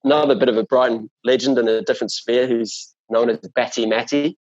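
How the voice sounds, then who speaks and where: A man's voice: mid-range voice, steady tone, fairly quick, a little mellow, no echo, lo-fi sound. A man from New Zealand with a New Zealand accent, chatting as an interview guest in a rambling way, full of fillers and restarts. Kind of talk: casual chat.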